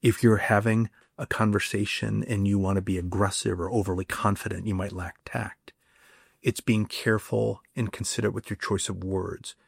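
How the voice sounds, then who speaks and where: A man with a low, gravelly, husky voice talks through a solo podcast lesson on communication. He speaks conversationally, restarting and repeating words and tossing out rhetorical questions. The sound is dry and close, with no room around it. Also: little pitch movement, moderate pace, no echo. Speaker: podcast host and communication coach. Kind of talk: solo podcast teaching talk.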